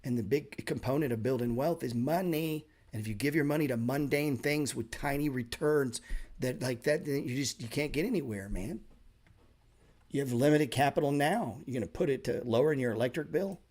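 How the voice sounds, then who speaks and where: A man's voice: mid-range voice, moderate pace, darkish tone. A man in an everyday middle-range voice runs a casual live trading class. He talks bluntly and swears freely for emphasis. He throws in sarcastic asides. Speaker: trading teacher.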